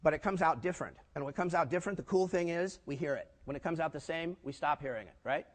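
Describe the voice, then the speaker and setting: A man's voice: on the high side, fast. Punchy older man speaking in a hall. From United States. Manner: punchy, asks the audience rhetorical questions. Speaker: keynote speaker. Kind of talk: business conference talk. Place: large conference hall. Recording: echoey hall.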